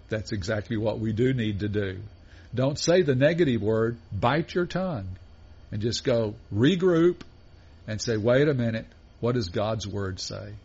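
Husky-voiced man preaching a sermon. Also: mid-range voice, darkish tone, highs cut off. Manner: measured preaching with rhetorical questions. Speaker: pastor.

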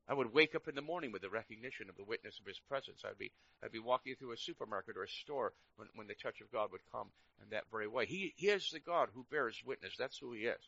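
A middle-aged man preaching a sermon, swinging between loud emphatic lines and quiet asides. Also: medium pitch, vocal fry, slightly rough. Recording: dull lo-fi recording.

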